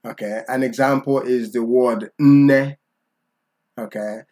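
A man teaching in a relaxed, chatty lesson. He is patient and keeps checking in with a quick okay? after each point. His voice is mid-pitched and the mic sits a little way off. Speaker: language teacher. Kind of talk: conversational language lesson.

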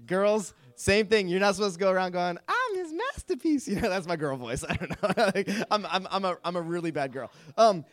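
With a high, clear, resonant voice and a fairly bright tone, a young youth pastor talks casually through the Bible with a youth group. His chatty delivery leans heavily on "like," and he keeps quizzing his listeners.

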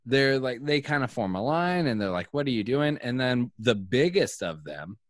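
Dude rambling thru a story, swears a lot, lots of likes, dry close mic. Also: male voice, medium pitch, sing-song, moderate pace, dry recording. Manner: rambling, profane storytelling with many fillers. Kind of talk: casual chat.

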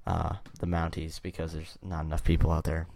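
A young man with a very deep voice chats on his podcast, drifting off topic and laughing at his own jokes. The sound is dry and close, with no room around it. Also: monotone, brisk, creaky, darkish tone, dry recording. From Canada. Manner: rambling, jokey, laughs often. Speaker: podcast host. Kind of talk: casual podcast chat.

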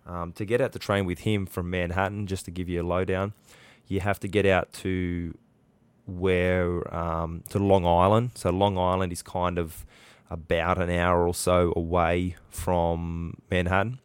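A man's voice: low-pitched, flat delivery, a little slow, clean tone, no room sound. An Australian man hosting a podcast, telling a story in a chatty, rambling way with lots of fillers and restarts. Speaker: podcast host. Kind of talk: casual storytelling.

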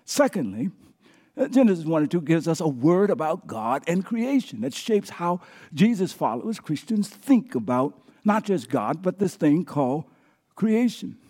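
A man preaching a live sermon as pastor, emphatic, calling on the congregation to answer back and swinging between near-shouts and hushed lines. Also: on the high side, very animated, normal speed. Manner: engages the congregation with call-and-response prompts.

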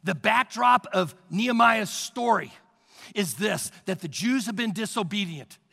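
Male pastor, high bright voice, husky and gravelly, emphatic sermon in a reverberant hall. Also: lively intonation, unhurried. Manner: emphatic preaching, rising to shouts.

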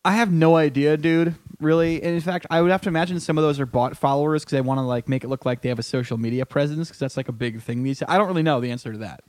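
A man's voice: fairly high pitch, fairly even intonation, fast talker, hardly any pauses, a little mellow, no room sound. A man hosting a podcast, talking casually with swearing and stumbling restarts. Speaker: podcast host. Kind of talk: casual chat.

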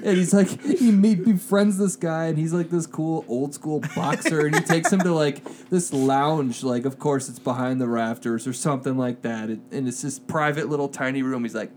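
A man chatting on a podcast, spinning a movie plot with energy and slipping into quick voices for each character. His pitch sits in an ordinary middle range, and a faint hum runs underneath the recording. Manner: animated storyteller, acts out quotes in quick put-on voices, laughs often. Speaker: podcast co-host. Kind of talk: casual chat, retelling a movie plot.

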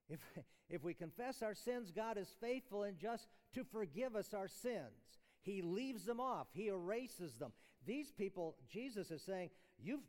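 A man preaches in a chapel with a high voice that rings out in a long, lingering reverb. He teaches conversationally and keeps asking his listeners questions. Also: darkish tone. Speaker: chapel speaker. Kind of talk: sermon. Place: large chapel.

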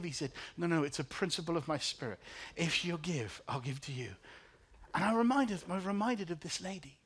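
Man preaching a sermon, stories softly told. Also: on the high side, lively intonation, fairly quick, husky. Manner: personal storytelling with emotional swings, soft then rising. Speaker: pastor.

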